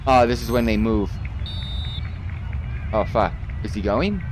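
A young man streaming a football video game live, chatting to viewers, swearing and yelling at misses. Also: on the low side, a little slow, a faint crowd, slight background noise. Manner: excitable, swears and yells at misses. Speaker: gaming streamer.

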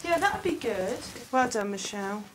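A high, swooping woman's voice, teasing and bossy as she chats around the family table. Loud noise hangs under the recording. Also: very animated. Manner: bossy, teasing and quick to laugh. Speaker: mother running a family farm with animals. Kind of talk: casual family chat on camera.

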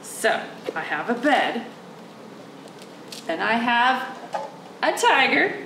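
A children's librarian with a fairly high voice reads a picture book aloud slowly, animated and coaxing, speaking directly to young children and urging them to join in. The rough recording is reverberant, with a distant mic and slight background noise.

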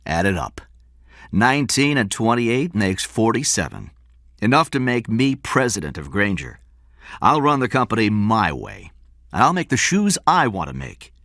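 A man voicing a confident, scheming businessman in an audiobook, brisk, excited and commanding. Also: lowish voice, no echo, clean studio sound, pitched above the performer's own voice.

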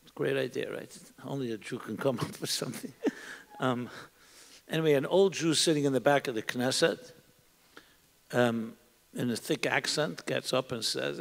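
A man's voice: medium pitch, moderate pace, vocal fry. A middle-aged man, a rabbi, giving an earnest, reflective talk to an audience in a synagogue hall, asking many rhetorical questions. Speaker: rabbi, panel speaker. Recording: long hall reverb.

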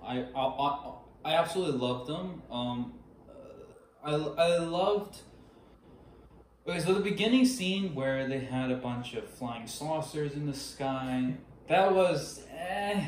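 A man's voice: a little high, takes it slowly, slight background noise. A young man whose first language is not English, co-hosting a casual film review chat. He over-explains and corrects himself as he goes. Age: young adult. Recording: echoey room.

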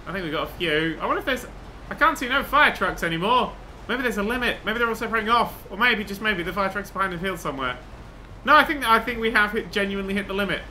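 A young man giving excitable gameplay commentary, swearing, laughing and humming tunes as he plays. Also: high-pitched, a little fast, a little hiss or hum. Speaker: gaming video host.

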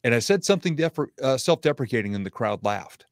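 A middle-aged man telling stories as a podcast guest, animated and self-deprecating. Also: mid-range voice, fairly quick, no echo, studio quality. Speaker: guest speaker. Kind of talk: casual interview storytelling.

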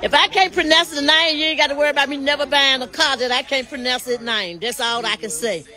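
A woman chatting casually on a phone live stream, animated and talking straight to her viewers, outdoors at night and then inside a car. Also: high-pitched, fast, some chatter behind. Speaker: livestreamer showing a car. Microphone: phone held in hand.

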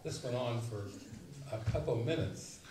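A man giving a spiritual retreat talk, telling stories and acting out quotes with sudden loud bursts. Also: mid-range voice, moderate pace. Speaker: spiritual teacher. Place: retreat meeting room. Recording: roomy, mic at a distance, faint noise.

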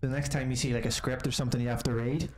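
A man's voice: medium pitch, level tone, very fast, noisy background. A young man, chatting casually and joking over a game he is playing, laughing and swearing often. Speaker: co-host of a gaming channel. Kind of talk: casual let's-play commentary.

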